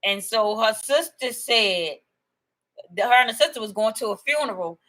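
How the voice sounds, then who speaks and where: Woman ranting to her viewers, bright tense voice, kinda high, rambly and worked up. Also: moderate pace, poor audio. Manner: animated and excitable, laughing and emphatic; rambling storytelling with repetition. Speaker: video host. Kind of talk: casual monologue to viewers.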